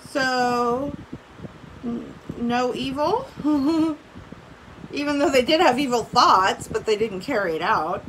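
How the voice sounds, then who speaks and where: A woman's voice: sits high, takes it slowly, fairly bright tone, a little hiss or hum, low-quality recording. A young woman teacher reading a story aloud to her class and explaining it casually, with lots of fillers. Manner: casual, filler-heavy explaining with light laughs.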